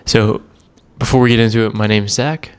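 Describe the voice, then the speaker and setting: Laid-back young man, smooth clear voice. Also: lowish voice, steady tone, normal speed. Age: 20s. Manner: rambling, laid-back, self-deprecating storytelling. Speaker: cigar vlogger. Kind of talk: casual chat to camera.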